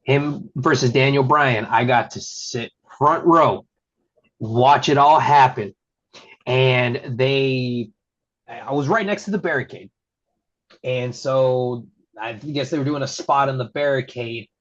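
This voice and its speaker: A referee from Texas chats as a podcast guest. He talks at a slow, easy pace and gets excitable, going up high when he acts out quotes. The audio is a little dull and lo-fi. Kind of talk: casual interview storytelling. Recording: slightly muffled lo-fi audio.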